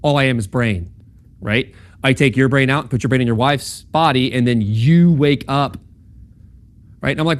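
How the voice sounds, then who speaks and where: A man's voice: mid-range voice, moderate pace. Casual man lecturing, constantly asking "right?". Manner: conversational, checks in with "right?" and "okay?"; acts out quoted voices in dialogue. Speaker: speaker at a campus talk. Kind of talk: informal classroom lecture.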